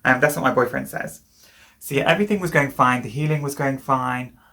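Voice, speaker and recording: A woman's voice: rumbling low, fairly quick, vocal fry, fairly bright tone. A British woman in her twenties, a vlogger telling a personal story to the camera in a candid, emotional way. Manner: candid, emotional, vivid retelling.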